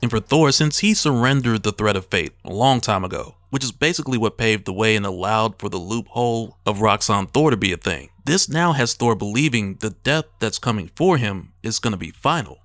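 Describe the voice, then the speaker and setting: Low-voiced man casually recapping comics. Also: no room sound. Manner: conversational and relaxed. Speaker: comic book recap host.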